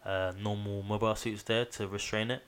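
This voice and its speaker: Casual male co-host, lowish voice, rambling storyteller. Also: little pitch movement, fairly quick, a bit bright, slight background noise. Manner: rambling, full of "like" and "um", acts out quotes. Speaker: podcast co-host. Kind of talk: casual chat recapping an anime.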